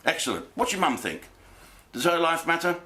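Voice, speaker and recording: A man's voice: fairly high pitch, very animated, a little fast, sharp tone, a little hiss or hum. A man delivering a crude, rambling comic rant on his own channel, swearing freely and jumping between asides. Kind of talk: ranting comic monologue.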